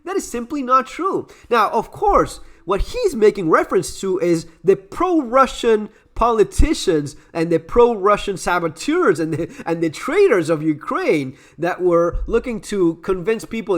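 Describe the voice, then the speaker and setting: Heated Latin American man with lively pitch. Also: normal speed, few pauses. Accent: Argentine Spanish. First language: Spanish. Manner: heated, emphatic, sarcastic. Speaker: channel host commenting on clips. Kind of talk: opinionated commentary.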